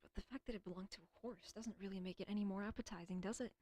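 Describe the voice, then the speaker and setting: A woman's voice: mid-range voice, steady tone, quick pace, heavy background noise. Rambling, swearing woman talking to herself. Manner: rambling, profane, self-deprecating; stumbles over words. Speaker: streamer. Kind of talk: casual solo rambling.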